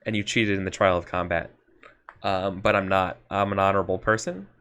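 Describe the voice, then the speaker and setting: A man's voice: sits low, flat delivery, brisk, fairly bright tone, clean tone. A man playing a tabletop role-playing game, talking casually with many fillers and restarts. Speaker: player.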